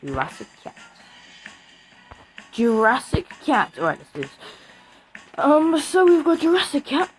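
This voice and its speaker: A woman records casual gameplay commentary, talking freely and getting excited as the action builds. She cheers her units along in a loose, chatty way. Game music plays clearly behind her voice. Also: high-pitched, normal speed, low-quality recording. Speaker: gaming video creator.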